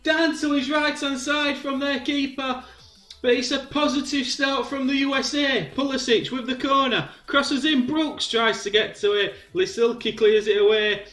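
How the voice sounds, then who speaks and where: High-voiced man calling a football game. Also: fairly even intonation, normal speed, echoey room, faint music behind. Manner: play-by-play, bursts into shouting at goals. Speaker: gaming commentator. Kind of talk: excited football game commentary.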